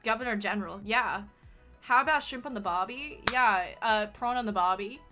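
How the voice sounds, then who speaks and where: A woman's voice: medium pitch, moderate pace, over music. A young Australian woman from Queensland, rambling and swearing as she chats casually with her live-stream audience. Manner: rambling, swearing, jokey, frequent laughs. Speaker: livestreamer.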